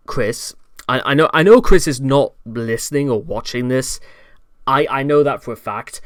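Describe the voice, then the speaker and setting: A man's voice: mid-range voice, normal speed. Exasperated man narrating online commentary. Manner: exasperated, rambling with restarts. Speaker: commentary channel host. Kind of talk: commentary narration reading notes.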